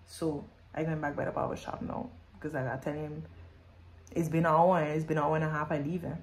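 A woman's voice: sits low, flat delivery, brisk, slight background noise. A woman telling an emotional story in her vlog. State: pregnant. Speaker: vlogger.

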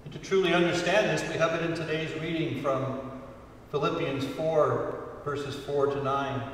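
A man preaching a sermon as a priest to his congregation, earnest and unhurried, with emphatic rises on key words. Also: on the high side, fairly even intonation, slight background noise. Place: church sanctuary. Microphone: distant room mic. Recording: far-off voice in echoey church hall.

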